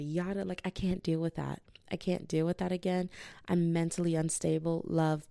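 A young woman hosting her own podcast, telling a rambling personal story in a casual, animated way full of tangents. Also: low-pitched, vocal fry, no room sound, studio quality. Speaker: podcast host.

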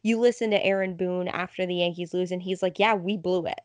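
A young adult woman co-hosting a casual chat, telling stories with lively acted-out quotes. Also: on the low side, fairly quick, dry recording. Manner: animated storyteller, acts out quotes. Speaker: podcast co-host.

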